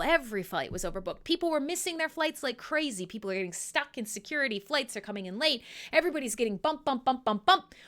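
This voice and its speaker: A woman's voice: a little high, sharp tone. A woman hosting a live show, telling a story in a swearing, joking way, acting out quotes and laughing. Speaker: host of a live radio show. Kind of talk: casual storytelling to live listeners.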